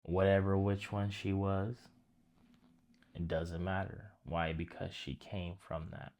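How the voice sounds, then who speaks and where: A man's voice: low-pitched, flat delivery, slow, a little mellow. A man giving a casual, conversational sermon, retelling a story and talking straight to his listeners. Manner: conversational, addresses listeners as guys, restarts phrases. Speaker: preacher.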